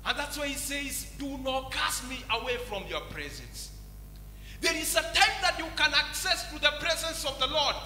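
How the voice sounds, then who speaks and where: A man's voice: extremely high pitch, animated, normal speed, bright, forceful tone, a little hiss or hum. A man with a Kenyan English accent preaching a sermon in a large church hall, breaking often into repeated praise refrains. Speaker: pastor. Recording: echoey church hall, music behind.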